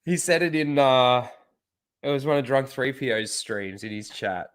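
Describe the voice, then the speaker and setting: A man's voice: medium pitch, unhurried. A man hosting a casual livestream, swearing freely and chuckling often. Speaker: livestream host.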